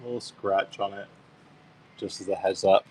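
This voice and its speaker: Young male auction host, deep and even-toned, easygoing live-stream patter. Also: normal speed, a little hiss or hum. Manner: easygoing, describes coins and thanks bidders. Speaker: coin auction seller.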